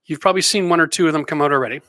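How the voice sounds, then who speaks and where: A man's voice: on the high side, racing, bright, forceful tone, dry recording. A middle-aged man hosting a live renovation Q&A stream, chatting casually, joking and greeting viewers by name. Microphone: close microphone.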